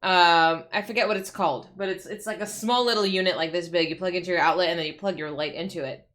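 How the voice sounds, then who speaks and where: A woman's voice: fairly low pitch, fairly even intonation, fast, fairly bright tone. A woman streamer chatting casually at home, ranting in exasperation, swearing and restarting her sentences. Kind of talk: casual livestream chat.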